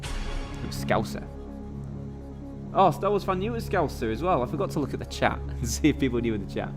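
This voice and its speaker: A man's voice: mid-range voice, sing-song, brisk, over music. A man hosting and playing along on a live quiz stream, chatty and rambling with lots of fillers. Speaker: quiz game host and player. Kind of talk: live-streamed quiz play-through commentary.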